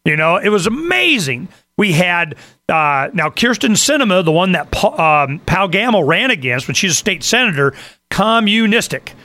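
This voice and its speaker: A male radio host talks in a loose, rambling way, full of fillers and side remarks. His voice sits a little high for a man and has a bright, forceful ring to it. It sounds like an easygoing call-in show monologue. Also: big pitch swings, moderate pace, no echo. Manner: rambling, conversational, many fillers and asides. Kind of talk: casual talk radio monologue.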